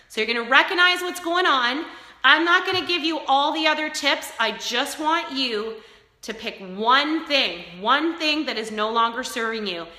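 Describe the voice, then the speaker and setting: A woman fitness coach giving an energetic motivational talk during a live stream, speaking straight to her viewers. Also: high voice. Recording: echoey room with long reverb.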